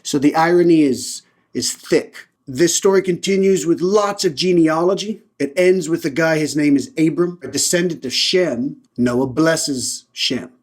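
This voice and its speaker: Podcast guy reading bible verses then riffing on them, jokey and irreverent, kinda high voice. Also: a little slow. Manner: irreverent, joking, laughs at his own lines. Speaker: podcast host, lay Bible teacher. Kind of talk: scripture reading and casual retelling.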